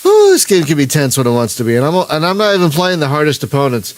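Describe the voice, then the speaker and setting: Talking fast in a fairly high, very animated voice, a man live-streams his gameplay for his gaming channel. He rambles casually, keeps interrupting and restarting himself, and chuckles as he goes.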